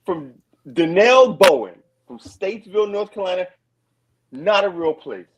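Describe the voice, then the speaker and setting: A man's voice: high-pitched, lively intonation, normal speed, low-quality recording. A man in casual podcast banter who swears freely and acts mock-indignant. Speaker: podcast co-host.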